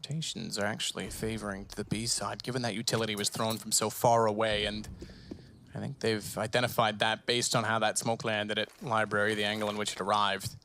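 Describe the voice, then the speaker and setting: A man calling an esports match, quick and excitable, often correcting himself mid-sentence. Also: fairly low pitch, a little hiss or hum. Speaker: esports caster. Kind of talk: play-by-play commentary.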